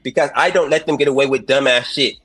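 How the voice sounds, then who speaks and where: A man arguing on a podcast panel, profane and animated, talking over the others. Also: medium pitch, quick pace, over music. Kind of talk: heated panel debate.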